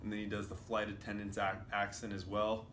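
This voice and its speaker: A man's voice: lowish voice, monotone, fairly quick, a bit bright. A man giving a loose, casual commentary full of fillers as he explains clips. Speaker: video commentator. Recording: roomy with faint noise.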